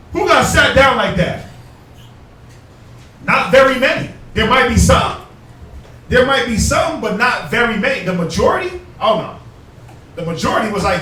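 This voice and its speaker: A man's voice: high-pitched, a bit bright. Emphatic man teaching in an echoey room. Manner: emphatic, rhetorical questions, street slang. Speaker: class teacher. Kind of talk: preaching class lesson. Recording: echoey room from far off, faint noise.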